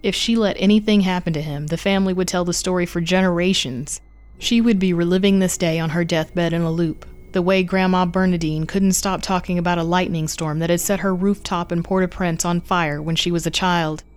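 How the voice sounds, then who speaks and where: A woman reading scripted horror fiction in a measured storytelling manner. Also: on the low side, fairly even intonation, clean tone. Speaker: narrator.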